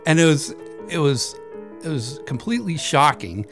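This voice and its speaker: A man casually recounts a story from his work presenting webinars, chatty and loose, with plenty of "uh" and "like" and little laughs along the way. Music plays clearly beneath his voice. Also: on the high side, very animated, normal speed. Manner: chatty, with fillers and chuckles. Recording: voice over clear background music.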